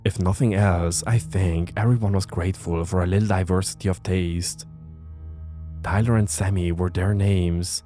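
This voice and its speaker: A man narrating a first-person horror story in a tense, measured way. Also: sits low, fairly even intonation. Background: soft music.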